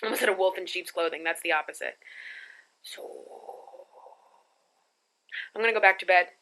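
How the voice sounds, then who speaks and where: Young woman vlogger, very bright tone, chatty and self-mocking, recorded on a handheld phone. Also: on the low side, normal speed, low-quality recording. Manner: chatty, rambling, laughs at herself. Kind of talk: casual travel vlog. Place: family home, then in a car.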